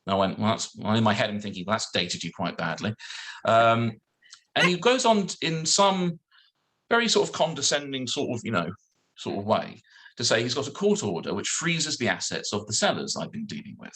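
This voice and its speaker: A man, a solicitor, telling a lively anecdote on a video call and acting out the other people in it. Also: mid-range voice, a little fast. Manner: animated storyteller acting out dialogue. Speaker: guest solicitor.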